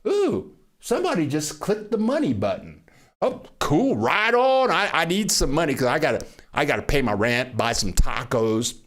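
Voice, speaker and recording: An older man hosting a casual livestream from Mexico, greeting viewers by name and getting excited over their messages. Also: on the high side, moderate pace. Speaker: livestream host. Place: home in Mexico.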